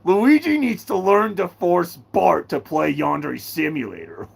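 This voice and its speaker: A channel host doing a live fan Q&A, ranting excitably about characters with sudden bursts of shouting. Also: medium pitch, slow pace, creaky, slightly rough.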